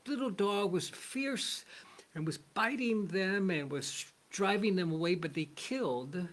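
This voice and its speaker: A man's voice: sits high, animated, unhurried, a bit bright, pitched above the performer's own voice. A man voicing a loyal male house servant who earnestly relays news in a told story.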